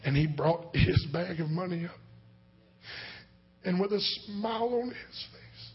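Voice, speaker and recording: A husky, rather high-pitched male preacher telling a story from the pulpit. He booms out some lines and drops to a hushed whisper on others. The recording sounds dull and lo-fi. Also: expressive, a little slow. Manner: swings from shouting to hushed whispers. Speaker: pastor. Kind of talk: sermon storytelling.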